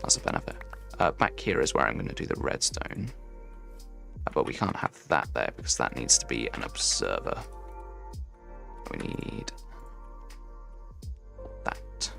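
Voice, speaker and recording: Young male streamer, Midlands English accent, very lively pitch swings, chatty and rambling. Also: unhurried, gravelly, pauses often, faint music behind. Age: young adult. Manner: chatty, rambling, answers chat while building. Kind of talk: casual gaming livestream chat.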